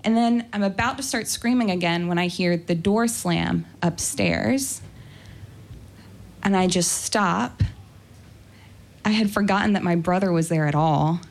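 A woman's voice: lowish voice, unhurried, vocal fry, long pauses. A young adult woman telling a first-person story in a candid, wry way, with frequent ums and likes.

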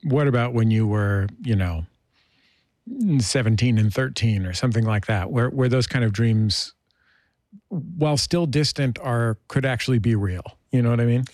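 A male interview host asks his guest curious, easygoing questions. His pitch sits in an ordinary middle range. The recording is dry and close, with no echo. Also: moderate pace, a little mellow. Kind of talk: radio interview.

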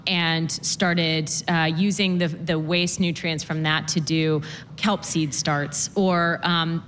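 A woman's voice: sits low, in a large hall, a little hiss or hum. A woman guest on a live radio stage, answering with many fillers and restarts. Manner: halting with many fillers, laughing. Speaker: fish farm founder and guest. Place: stage of a performing arts center.

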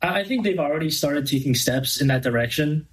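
A man's voice: on the high side, animated, poor audio. Thoughtful young man, radio guest. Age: young adult. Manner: measured, thoughtful with hesitations. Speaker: interview guest. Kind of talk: radio interview.

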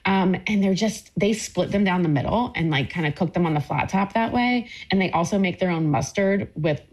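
A woman's voice: lowish voice, moderate pace, darkish tone. A woman talking about her cookbook in a casual interview, enthusiastic and rambling with lots of fillers. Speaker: cookbook author guest.

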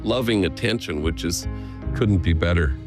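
A man, a priest being interviewed, speaking earnestly and gently as he tells stories. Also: low voice, moderate pace, over music. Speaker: Jesuit priest, guest. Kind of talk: reflective conversational storytelling.

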